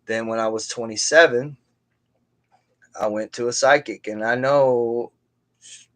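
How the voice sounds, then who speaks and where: Speaking at a measured pace with a steady, slightly bright medium-pitched voice, a man recounts a personal story on a live stream. His delivery is casual and meandering, full of restarts and asides.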